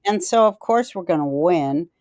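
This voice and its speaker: A woman podcast host tells rambling, profane stories in a smooth, clear voice. The sound is dry and close. She is blunt and drifts off topic. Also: on the low side, animated, normal speed, darkish tone, dry recording. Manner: rambling, profane and blunt, loses her thread. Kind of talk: casual rambling storytelling chat.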